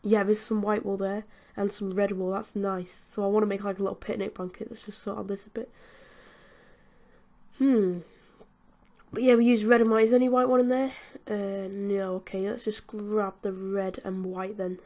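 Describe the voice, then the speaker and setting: This is casual gameplay commentary from a gaming channel host, a British woman who laughs, chats and addresses the game's characters directly. She speaks at normal speed in a medium, darkish voice with a level tone.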